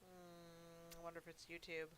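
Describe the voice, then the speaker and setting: Bright-voiced woman streamer. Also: fairly low pitch, monotone, moderate pace, a little hiss or hum, rough recording. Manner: blunt reactions, swearing, slangy asides. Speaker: game streamer. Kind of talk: casual gameplay commentary.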